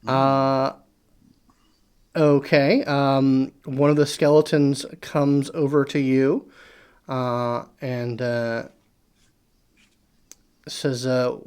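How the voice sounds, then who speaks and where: Halting male game master. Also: mid-range voice, little pitch movement, darkish tone, clean tone. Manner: hesitant, many filler sounds. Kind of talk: narrating a tabletop game.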